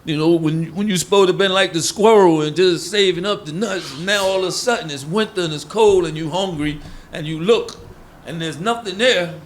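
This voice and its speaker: A man's voice: sits high, moderate pace. A man preaching in a casual, conversational way. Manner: informal, conversational, acts out quoted voices. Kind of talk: sermon teaching.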